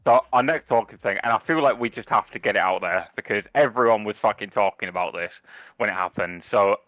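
A man's voice: fairly low pitch, brisk, no room sound. Laid-back man, dull dry sound. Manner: laid-back, laughing, sweary. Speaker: podcast co-host. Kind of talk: casual podcast chat.

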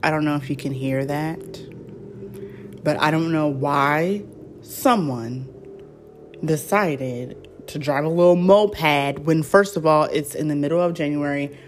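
A woman's voice: sits low, measured pace, a little hiss or hum. A young woman hosting her own podcast, chatting casually and rambling with lots of fillers. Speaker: podcast host. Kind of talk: casual solo podcast chat.

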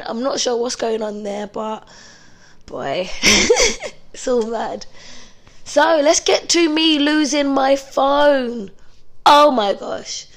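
A young woman from telling a story to camera in a chatty, animated way, with some swearing. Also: on the high side, vocal fry. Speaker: vlogger. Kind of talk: casual storytime.

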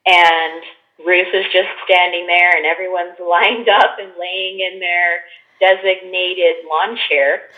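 Animated woman guest telling a story. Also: takes it slowly. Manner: animated, acts out quotes with big pitch jumps. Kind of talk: casual storytelling chat. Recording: dull lo-fi sound.

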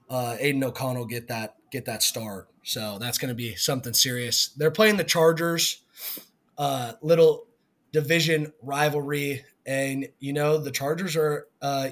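A man co-hosting a sports podcast in casual chat, giving blunt opinions that trail off softly at the ends. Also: mid-range voice. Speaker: podcast co-host.

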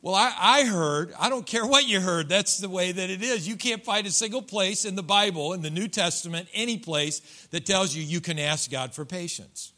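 Middle-aged pastor guy preaching, folksy and jokey, kinda high bright voice, acts out his church folks. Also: normal speed, hardly any pauses. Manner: folksy, joking preacher acting out congregants. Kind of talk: sermon. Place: church sanctuary.

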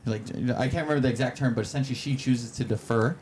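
A man in his twenties, a podcast guest, telling heartfelt stories in an earnest, halting way. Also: mid-range voice, a little mellow, a little hiss or hum. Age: 20s. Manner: halting, searching for words. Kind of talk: casual interview chat.

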